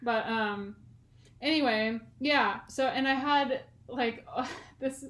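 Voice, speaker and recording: A woman's voice: fairly high pitch, slow pace, fairly bright tone. Chatty young woman in an echoey room. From California. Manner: chatty and rambling, many "like" fillers, laughs often. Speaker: podcast co-host. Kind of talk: casual chat.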